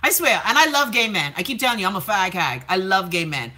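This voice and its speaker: A woman hosting a casual live stream, reading viewer comments aloud in a brash, profane, gossipy way, with sudden dramatic jumps in pitch. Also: lively intonation, fast talker, sharp tone.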